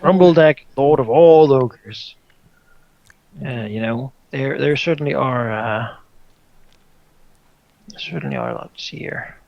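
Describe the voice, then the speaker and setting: A man's voice: mid-range voice, takes it slowly, gravelly, pauses often, darkish tone, no room sound, muffled recording. Man reading a scene as game master. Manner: storytelling with many restarts and "uh". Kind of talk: reading prepared scenes to players.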